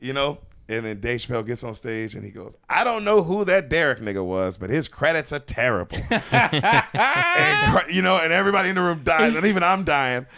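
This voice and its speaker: A man, a comedian guest, telling a story in casual chat, animated and profane, acting out voices. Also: fairly high pitch, fairly quick, no echo, studio quality.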